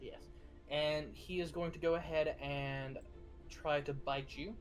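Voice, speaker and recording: Over soft background music, a man with a fairly high voice speaks a little slowly in a steady tone. Acting as game master for a tabletop game, he narrates actions with frequent fillers and self-corrections.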